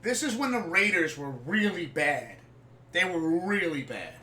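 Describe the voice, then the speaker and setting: A man hosting a live sports podcast, telling a story casually and animatedly, swearing freely and acting out scenes loudly. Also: high voice, sing-song, a little slow. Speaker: podcast host. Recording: echoey room, far from the mic.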